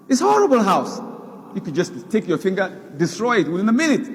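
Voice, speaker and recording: A man's voice: sits high, sing-song, a little fast, in a large hall. A man preaching a sermon, emphatic, repeating words for stress. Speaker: Islamic preacher. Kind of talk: sermon lecture.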